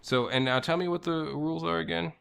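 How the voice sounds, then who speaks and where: Hesitant male player, somewhat high voice. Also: steady tone, vocal fry, fairly bright tone, clean tone. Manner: stammering, halting. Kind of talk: tabletop game play.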